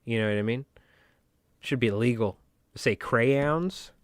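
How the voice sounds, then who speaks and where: A man from New York with a New York accent, hosting a casual livestream and rambling through jokes without a pause. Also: on the low side, fairly even intonation, no room sound, clean studio sound. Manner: rambling, joking, talks nonstop. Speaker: livestream host.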